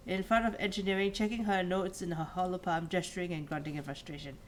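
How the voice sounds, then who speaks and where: A woman with a lowish voice co-hosts a game stream and reads its story text aloud. She sounds chatty and easygoing, a little tired, with faint noise behind her. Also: fairly even intonation, quick pace. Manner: chatty, reads narration in an easy, slightly tired way. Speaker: streamer co-host. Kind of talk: casual let's play, reading game text aloud.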